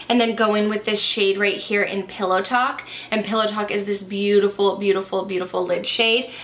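A woman's voice: medium pitch, fairly bright tone. A young woman chatting casually and enthusiastically through a makeup review, a little out of breath. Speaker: beauty vlogger.

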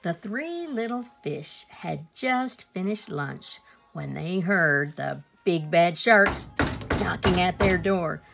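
A woman reading a children's picture book aloud, expressive, with small asides to her listeners. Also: fairly low pitch, slow pace, vocal fry, faint music behind. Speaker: storyteller.

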